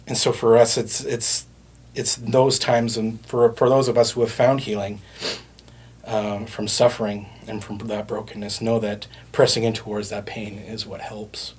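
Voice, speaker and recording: Lower-voiced man preaching a sermon. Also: flat delivery, measured pace, darkish tone, husky. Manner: conversational preaching with frequent fillers and restarts. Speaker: pastor.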